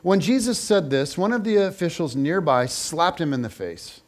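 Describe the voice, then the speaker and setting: Man, scripture reading, expressive, measured, slightly high voice, lively pitch. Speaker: scripture reader.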